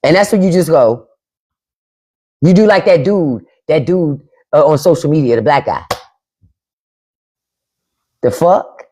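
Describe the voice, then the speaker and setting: A lowish-voiced woman hosts a live stream in blunt, profane style, talking straight to her viewers. Her pitch swings widely as she goes colors her speech. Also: measured pace, pauses often, slightly rough. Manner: blunt, profane, animated, addresses chat by name. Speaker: podcast host on a live stream. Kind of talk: unfiltered live-stream commentary.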